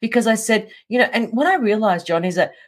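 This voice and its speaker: A middle-aged woman in a casual interview, telling a story with lively energy, often laughing and acting out what people said. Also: fairly high pitch, fast talker. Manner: animated, laughs often, acts out quotes. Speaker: guest.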